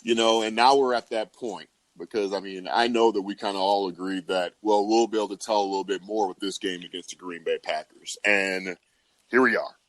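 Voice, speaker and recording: A man's voice: fairly low pitch, steady tone, a little fast, no room sound. A man hosting a casual football talk podcast, laughing often and restarting his sentences. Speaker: podcast host.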